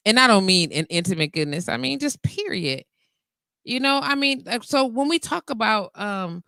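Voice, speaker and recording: Animated woman hosting live radio. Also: a little high, no room sound. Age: 40s. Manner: candid, animated, laughs often, reads comments aloud. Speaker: internet radio talk show host. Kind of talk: casual live call-in show chat.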